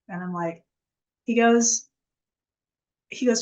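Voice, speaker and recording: A woman as an interview guest, telling her story earnestly in a halting, casual way with many restarts. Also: a little high, darkish tone, poor audio.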